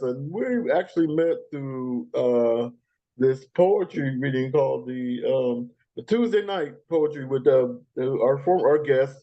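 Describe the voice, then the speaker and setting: Chatty host with a dull lo-fi sound. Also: male voice, medium pitch, mellow. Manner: chatty, with frequent fillers and laughs. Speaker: podcast host. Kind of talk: casual countdown show chat.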